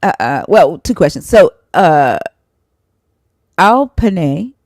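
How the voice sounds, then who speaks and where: A woman's voice: fairly low pitch, very animated, slow pace, darkish tone, no room sound, studio quality. A woman learning Hebrew on a live stream, asking hesitant questions with many fillers. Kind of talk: casual live-stream chat.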